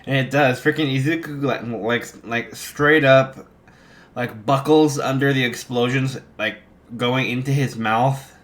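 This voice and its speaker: Male storyteller, unhurried, rambling, filler-heavy improv narration. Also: mid-range voice, fairly bright tone. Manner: rambling, full of fillers and restarts. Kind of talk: improvised fan fiction narration.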